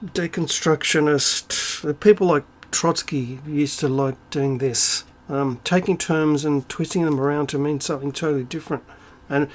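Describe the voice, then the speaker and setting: A man with a somewhat high voice rants to camera in a profane, sarcastic and indignant way. He keeps tossing out rhetorical questions and "um"s between jabs. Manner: rhetorical asides and frequent fillers. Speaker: video creator. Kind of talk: ranting monologue to camera.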